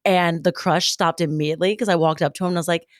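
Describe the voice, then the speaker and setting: A woman's voice: on the low side, fairly even intonation, fast, no echo, studio quality. A woman co-host chatting energetically and telling stories, recorded remotely. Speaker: podcast co-host. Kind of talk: casual chat. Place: remote recording, separate room.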